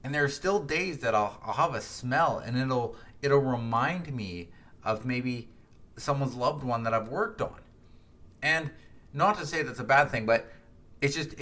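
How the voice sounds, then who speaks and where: Bright-voiced man talking through trauma. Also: mid-range voice. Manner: conversational, frequent "right?" and restarts. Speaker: podcast host. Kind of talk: reflective solo podcast talk.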